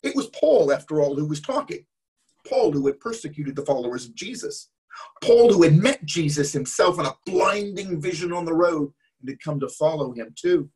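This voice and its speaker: A man's voice: on the high side, expressive, moderate pace, darkish tone, husky. A man telling an interactive story to an all-age church audience and cueing them to act along. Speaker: guest storyteller. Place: church service.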